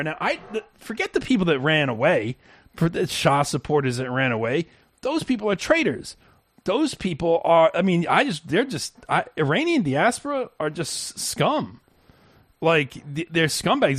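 A man's voice: fairly high pitch, wildly swooping pitch, moderate pace, no echo. A man hosting a heated political chat, rambling and mocking with many restarts.

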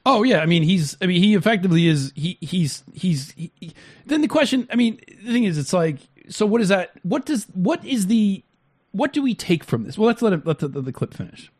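A man's voice: high voice, very animated, brisk, darkish tone, breathy edge. A man co-hosting a talk stream, reacting to clips in blunt, crude, heated talk with many restarts. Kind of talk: casual profane commentary.

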